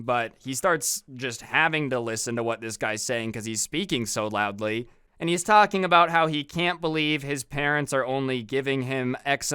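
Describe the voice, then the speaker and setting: Young male vlogger, bright crisp voice, slangy storytime delivery, dry close mic. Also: mid-range voice, no room sound. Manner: chatty, animated, slangy, acts out quoted voices. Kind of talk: casual storytelling.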